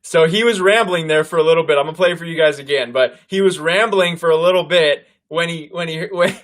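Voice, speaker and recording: Loud guy doing a political livestream, high voice, keeps saying guys. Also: fast talker. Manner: loud, animated, addresses viewers as guys. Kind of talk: casual political commentary.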